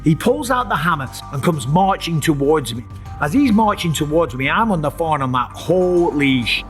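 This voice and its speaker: Animated man telling a story. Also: a little high, normal speed, soft background music. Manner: animated, acts out his own screams and voices. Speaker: host. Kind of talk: dramatic personal storytelling.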